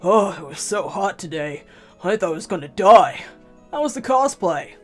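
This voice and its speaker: A woman voicing an excitable young male otaku friend in a visual novel read-aloud, with a loose, blunt, emotional manner. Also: fairly low pitch, normal speed, soft background music. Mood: casual.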